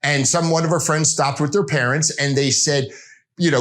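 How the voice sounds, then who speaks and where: A man's voice: a little high, fairly even intonation, normal speed, a bit bright. A middle-aged man giving an informal sales training talk, conversational and rambling, with frequent restarts.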